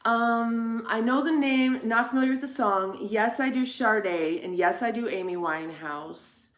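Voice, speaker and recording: A woman's voice: lowish voice, a bit bright. Playful middle-aged woman, roomy echo. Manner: playful, self-mocking, quick asides. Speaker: livestream host singing viewer song requests. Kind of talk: casual chat with viewers between songs.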